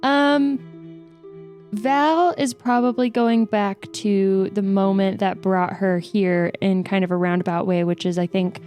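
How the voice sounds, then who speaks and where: A woman's voice: mid-range voice, steady tone, measured pace, darkish tone, faint music behind. A woman playing in a tabletop game, joking and laughing, then narrating a scene vividly. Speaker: player. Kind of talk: tabletop game player banter.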